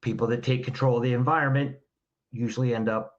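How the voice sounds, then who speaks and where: A man's voice: medium pitch, steady tone, quick pace, dull audio. A man, a trainer and podcast guest, explaining behavior in a direct, instructive way and firing off rhetorical questions.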